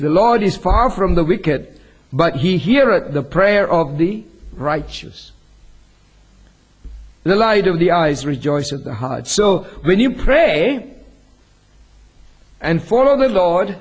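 Male pastor, husky and somewhat high, slow deliberate preaching. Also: poor audio. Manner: reads scripture aloud, asks the congregation questions. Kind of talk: sermon.

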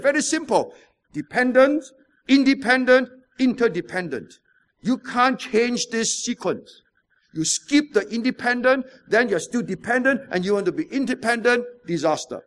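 A high-voiced man delivers a sermon. He tells stories, fires off rhetorical questions and repeats points for emphasis. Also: lively intonation, moderate pace. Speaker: pastor.

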